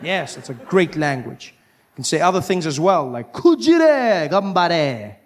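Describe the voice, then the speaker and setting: A man's voice: a little high, moderate pace. A man doing stand-up comedy on stage, telling stories animatedly and jumping into voices. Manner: animated, jumps into voices and accents. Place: comedy stage before an audience.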